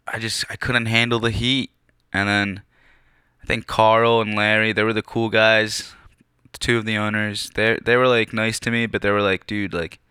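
A man's voice: on the low side, bright, forceful tone, clean tone, dry recording, studio quality. A young man casually telling a rambling, profane story with lots of fillers.

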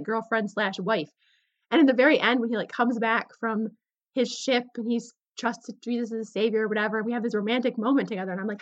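A young adult woman hosting a podcast, telling a personal story in an animated, candid way. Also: on the high side. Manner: animated, candid, slips into quoted voices. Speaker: podcast host. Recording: slightly dull lo-fi recording.

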